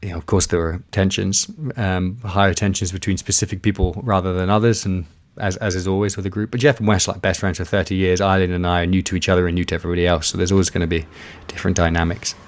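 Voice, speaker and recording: A man with a very low voice tells expedition stories in a loose, rambling way, full of fillers and restarts. The sound is dry and close, with no room around him. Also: flat delivery, fast, few pauses, no room sound. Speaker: guest, expedition kayaker. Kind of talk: casual interview storytelling.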